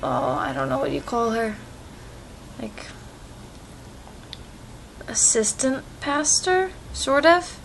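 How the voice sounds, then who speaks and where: Slow-talking chatty young woman vlogging. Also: high-pitched, wildly swooping pitch, slight background noise, poor audio. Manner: chatty, rambling, easygoing. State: allergies, itchy eyes. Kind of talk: casual chat. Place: home with a cat. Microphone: phone camera.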